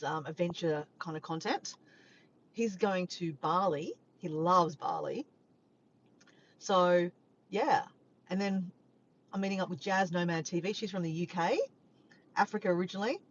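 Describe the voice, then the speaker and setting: A woman from Australia with an Australian accent, chatting casually and warmly with live viewers, sometimes breaking into bits of song. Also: on the low side, measured pace, pauses often. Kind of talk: casual live-stream chat. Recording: dull lo-fi sound with faint background noise.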